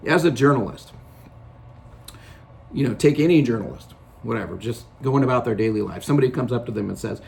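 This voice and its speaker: A man's voice: medium pitch, expressive, brisk, gravelly, long pauses, a little mellow, slight background noise. A middle-aged man giving a sarcastic opinion monologue, telling stories with mock quotes. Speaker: commentator.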